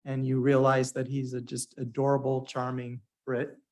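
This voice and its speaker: A man's voice: medium pitch, monotone, moderate pace, a little mellow. Chatty man moderating a conference. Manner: chatty storytelling with fillers, playful quoted voices. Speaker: meeting organizer and moderator. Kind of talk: conference talk to a live audience. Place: hybrid conference meeting room.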